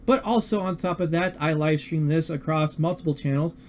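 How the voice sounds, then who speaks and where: A man's voice: on the high side, a little hiss or hum. A man hosting a live-streamed talk show, speaking casually and often stumbling over his words. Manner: halting, repeats words and restarts. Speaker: podcast host.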